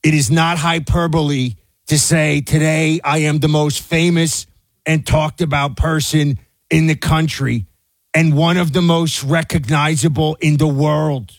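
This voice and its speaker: A man co-hosting a political talk radio show, indignant and heated, at times rising to a shout. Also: on the high side, steady tone, unhurried, dry recording.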